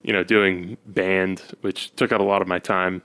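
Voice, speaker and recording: A man with a fairly low voice talks casually on a podcast, rambling through his stories. He is self-deprecating and leans on fillers as he goes. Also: little pitch movement, normal speed, pushed and bright, smooth. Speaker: podcast co-host, husband. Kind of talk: casual chat.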